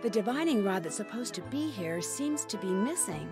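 A woman voicing a young female amateur detective in a point-and-click game, musing calmly and matter-of-factly. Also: medium pitch, normal speed, close to an everyday voice. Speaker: game character. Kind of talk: scripted game voice acting. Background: soft game music.

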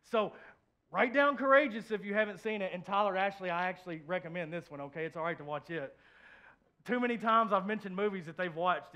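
A pastor preaching a heartfelt sermon in church, sharing a personal story, repeating phrases and swinging from soft to loud. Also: male voice, high-pitched, brisk. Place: church, before a congregation.

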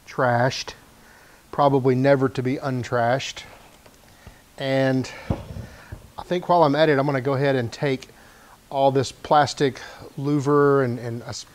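A man casually narrating as he works in his garage, thinking aloud with wry, self-deprecating asides. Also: mid-range voice. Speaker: channel host repairing a motor scooter. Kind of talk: casual narration while working.

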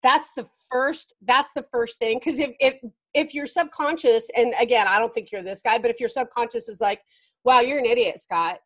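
A woman life coach talking as a guest on a casual podcast interview, animated and emphatic. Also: on the high side, moderate pace. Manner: animated and emphatic, laughing often.

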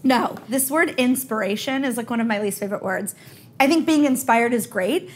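A woman comedian speaks as an interview guest, with a high, slightly husky voice. She tells her stories at a quick, lively clip. She laughs often along the way. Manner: quick, animated storytelling with laughter. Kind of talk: candid conversational interview.

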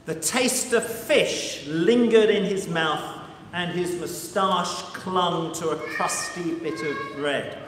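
Male pastor, slow dramatic storyteller, slightly high voice, echoey church with long reverb. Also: a bit bright, slight background noise. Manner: slow, vivid, measured storytelling. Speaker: team rector preaching.

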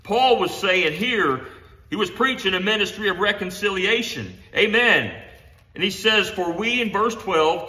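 A man preaching an impassioned sermon in his home garage. He punctuates his points with "Amen" and "honey" and stumbles into quick restarts. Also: high-pitched, lively intonation, bright, forceful tone. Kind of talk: fervent sermon. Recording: echoey garage room sound.

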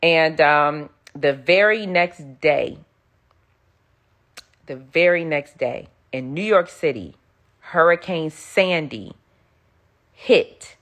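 A middle-aged woman preacher giving an animated testimony, acting out the voices she quotes. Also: low voice. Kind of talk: sermon-style storytelling.

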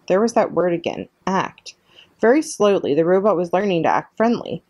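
A woman librarian reading a children's chapter book aloud as a calm bedtime story. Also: fairly low pitch, normal speed, dry recording.

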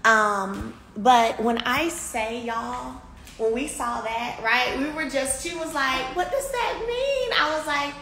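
A woman telling a chatty, animated story to her viewers from a beauty salon, filmed on a handheld phone. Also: on the high side, slow. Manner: animated, addresses viewers as y'all, swings loud and soft. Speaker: vlogger. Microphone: phone camera held by speaker. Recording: echoey room with faint ambience.

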